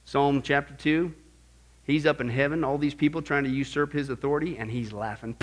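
A middle-aged man teaching a Bible class in an animated sermon style, swinging from quiet asides to loud exclamations. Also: medium pitch, a little fast, slight background noise.

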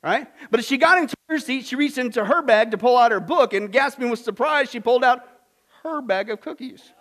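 Pastor, male, very high voice, dynamic delivery that jumps between soft and loud. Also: fairly quick. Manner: dynamic, swings from hushed to loud, repeats "listen". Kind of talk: sermon.

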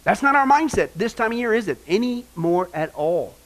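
A man's voice: sits high, sing-song, normal speed, a bit bright. A man pastor giving a folksy sermon, often asking the congregation questions.

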